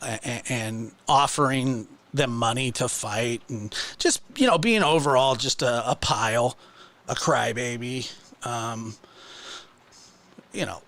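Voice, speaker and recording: A man's voice: mid-range voice, lively intonation, slow, a bit bright. A man hosting his own channel, ranting casually in a mocking, exasperated way with many restarts. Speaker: channel host. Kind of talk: casual livestream rant.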